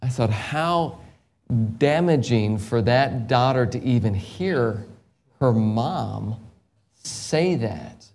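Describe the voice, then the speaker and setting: A middle-aged man preaching a sermon as an evangelist, swinging from quiet storytelling to loud, impassioned peaks. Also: mid-range voice, animated, slow pace.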